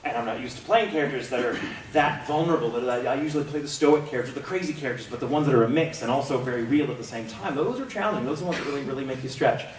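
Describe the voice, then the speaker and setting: A man's voice: mid-range voice, rapid-fire, slight background noise. A man telling a rambling, self-mocking story as a voice actor guest on a convention panel. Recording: echoey room, distant mic.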